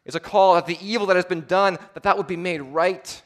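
A man preaching a sermon, rising to loud emphatic peaks and sinking to low, hushed phrase endings, and slowing down for deliberate repeated emphasis. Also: steady tone.

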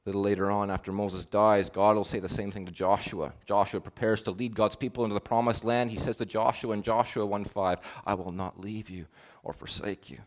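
Earnest lower-voiced male preacher. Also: steady tone, brisk, hardly any pauses. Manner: earnest, with swells of emphasis and soft drops. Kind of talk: sermon.

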